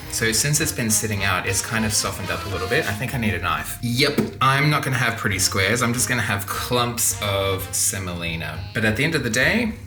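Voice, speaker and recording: A man hosting a cooking vlog, chatting casually and joking at himself as he cooks. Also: lowish voice. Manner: chatty and self-deprecating, talks while cooking. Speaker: cooking channel host. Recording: echoey kitchen with background music.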